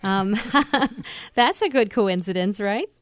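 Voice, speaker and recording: A woman's voice: mid-range voice, animated, slow, clear, resonant tone. A woman hosting a talk radio show, upbeat and conversational as she introduces segments and questions a guest. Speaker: radio host. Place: radio studio.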